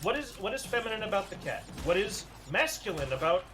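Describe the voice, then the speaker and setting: A man's voice: high voice, sing-song, fairly quick. A man co-hosting a charity livestream, chatting casually with rambling jokes. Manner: joking, rambling asides. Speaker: livestream co-host. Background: music.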